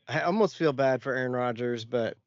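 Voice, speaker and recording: This podcast co-host speaks at a medium pitch in a muffled recording with no echo. He laughs a lot while spinning meandering stories in easygoing conversation.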